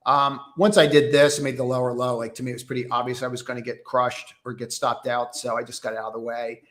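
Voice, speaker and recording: A man's voice: medium pitch, little pitch movement, fast, fairly bright tone, reverberant. A man hosting a live stock trading stream, chatting casually with viewers by name and using many fillers as he walks through charts.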